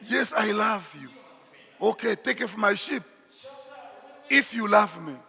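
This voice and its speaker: Male pastor, bright gravelly voice, slow emphatic sermon delivery, echoey church hall. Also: sits high, lively intonation. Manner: emphatic preaching, shifts into Swahili asides.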